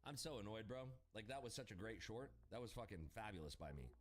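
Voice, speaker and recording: A man's voice: fairly low pitch, expressive, quick pace. A man day trading on a live stream, talking casually with heavy swearing and exasperated ranting. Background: music.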